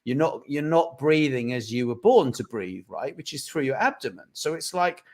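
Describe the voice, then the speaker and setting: A man's voice: medium pitch, very animated, normal speed, a little mellow. A man in casual conversation, talking earnestly with many restarts and a habit of asking "right?". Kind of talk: casual chat.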